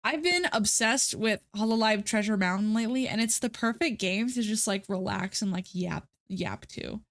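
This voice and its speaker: A woman's voice: mid-range voice, moderate pace, a bit bright. A young woman streamer chatting casually to her viewers, ranting with dramatic, exasperated outbursts. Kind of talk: casual live-stream chat.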